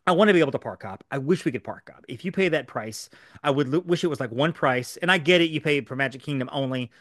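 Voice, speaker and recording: A man co-hosting a podcast in a studio, explaining things in a fast, animated way with lots of fillers. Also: mid-range voice, no room sound. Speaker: podcast co-host. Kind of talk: casual podcast chat.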